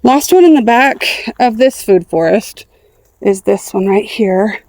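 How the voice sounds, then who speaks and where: A woman's voice: medium pitch, lively intonation, a little slow, mellow, no echo. A middle-aged woman chatting casually as she walks through her garden, talking to her dogs and plants, her voice going in and out. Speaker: gardening vlogger. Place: outdoors in a backyard garden.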